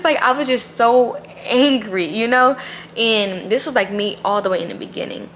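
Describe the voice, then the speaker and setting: A woman's voice: medium pitch, lively intonation, fairly quick, fairly bright tone, a little hiss or hum. A woman vlogger talking casually and earnestly about her faith, emphatic and full of "like.". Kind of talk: casual faith vlog talk.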